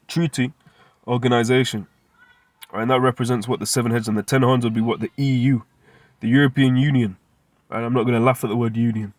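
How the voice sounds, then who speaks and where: A man leads a casual scripture lesson, constantly asking his listeners rhetorical questions. His talk is loose and streetwise, full of slang, and his voice sits at an ordinary middle pitch. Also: no echo. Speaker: Bible teacher. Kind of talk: informal scripture teaching.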